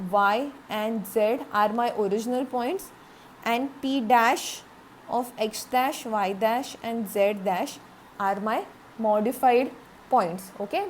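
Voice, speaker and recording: A woman with a slightly high voice gives a recorded classroom lecture over a little background noise. She explains things step by step, goes back over her points, and says "okay" and "uh" a lot.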